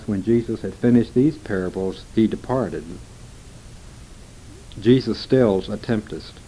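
A man reading scripture aloud in a steady, measured way. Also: fairly low pitch, slight background noise, low-quality recording. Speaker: scripture reader.

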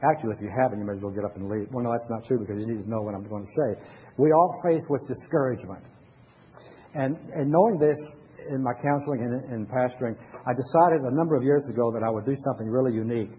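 An older man, a pastor with grandchildren, giving a conversational sermon full of pauses and restarts. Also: medium pitch, lo-fi sound, slight background noise.

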